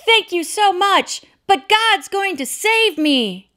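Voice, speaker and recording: A woman's voice: sits high, expressive, normal speed, a bit bright, pitched above the performer's own voice. A woman preacher acting out a stubborn man stranded in a flood, speaking in a raised, emphatic way. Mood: polite.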